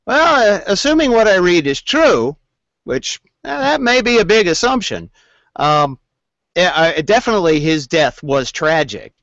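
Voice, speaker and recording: A male voice actor with a high voice chats in a jokey, animated way. He speaks from a tiny closet over a video call. The sound is dry and dull. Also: a little slow, dry recording. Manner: jokey, animated, with laughs and restarts. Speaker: voice actor guest. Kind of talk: casual interview chat. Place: small closet.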